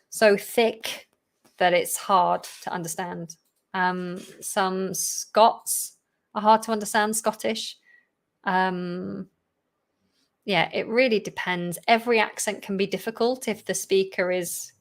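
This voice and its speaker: A woman, a teacher answering viewer questions in a chatty live Q&A, laughing often and sounding a bit tired. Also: medium pitch. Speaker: English teacher and channel host.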